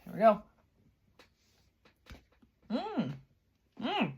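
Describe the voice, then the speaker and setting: A woman's voice: fairly high pitch, huge pitch swings, very slow, husky. A woman chatting casually as she talks viewers through baking in her home kitchen, step by step. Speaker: home cook and channel host. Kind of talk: casual cooking demo.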